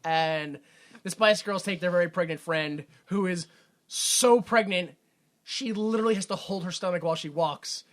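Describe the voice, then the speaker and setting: High-voiced joking man recapping a movie. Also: normal speed. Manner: joking, sarcastic, laughs at own bits. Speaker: podcast co-host. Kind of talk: comedic movie recap chat.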